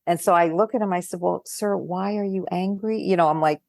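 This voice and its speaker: An older woman psychologist chatting over a video call, telling animated stories, acting out quoted voices and laughing often. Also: on the low side, brisk, vocal fry, no room sound, clean studio sound. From California. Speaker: guest psychologist. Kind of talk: casual conversation.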